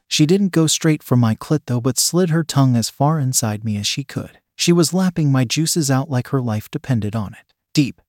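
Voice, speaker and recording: A man reading a story aloud in a steady, measured narration. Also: mid-range voice, dry recording, clean studio sound.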